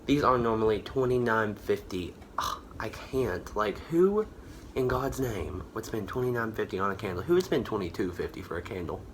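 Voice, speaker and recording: Brisk and animated, a man with a fairly low voice chats casually about his candle haul. He rambles, correcting himself and using many fillers, and comes across a bit tired and short of breath, with slight background noise.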